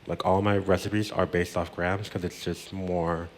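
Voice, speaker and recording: A man's voice: low voice, flat delivery, unhurried, slight background noise. A man hosting a cooking show in a kitchen, explaining a recipe step by step in a chatty, playful way and dropping in Spanish words. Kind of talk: casual cooking demonstration. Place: home kitchen.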